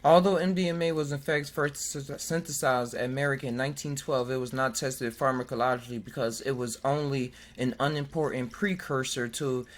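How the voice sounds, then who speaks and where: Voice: mid-range voice, steady tone, normal speed, hardly any pauses. A podcast host in casual chat who jokes, laughs often, and stumbles over hard words while reading aloud from web pages.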